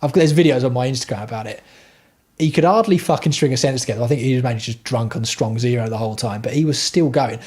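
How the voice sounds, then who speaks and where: Husky, sweary man chatting. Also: medium pitch, fast, darkish tone. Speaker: livestream host. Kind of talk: casual chat with viewers.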